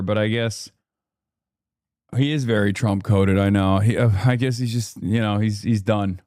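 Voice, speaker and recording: A man from the United States hosts a livestream, reacting to the news with an offhand, sarcastic edge. His voice is smooth and clean, recorded close and dry with no room sound. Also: medium pitch, normal speed, long pauses, dry recording. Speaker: livestream host and political commentator. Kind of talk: casual livestream commentary.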